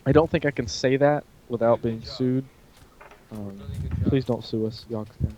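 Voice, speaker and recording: A man with a hoarse throat co-hosting a casual chat between friends, joking, teasing and rambling. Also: medium pitch, a little slow, mellow, muffled recording, slight background noise. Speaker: podcast co-host.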